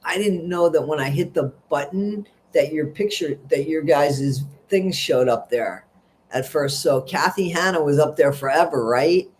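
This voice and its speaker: A man's voice: a little high, a little slow, darkish tone, slight background noise. A middle-aged man hosts a casual livestream, reading out viewer comments and gossiping in a rambling, chatty way. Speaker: livestream host.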